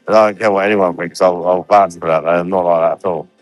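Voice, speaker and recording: Sweary English bloke vlogging on holiday. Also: male voice, low voice, steady tone, fast talker, no echo, soft background music. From England. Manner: blunt, sweary and chatty. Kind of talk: casual vlog chat. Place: holiday resort abroad.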